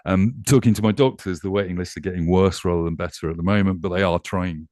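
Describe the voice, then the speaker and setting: Man from the UK, panel guest, very low voice, dry close sound, wry humor. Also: fairly even intonation, quick pace, a little mellow, no echo. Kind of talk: casual panel chat.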